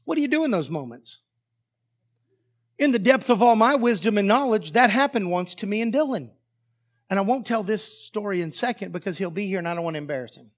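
Male pastor, high-pitched, delivers a lively story-driven sermon. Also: brisk. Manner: animated storytelling that acts out dialogue.

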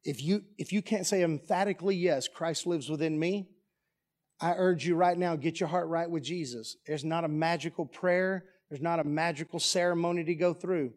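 High-voiced pastor preaching emphatically. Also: male voice, normal speed. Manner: emphatic, rhetorical questions to the congregation. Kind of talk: sermon. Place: church sanctuary.

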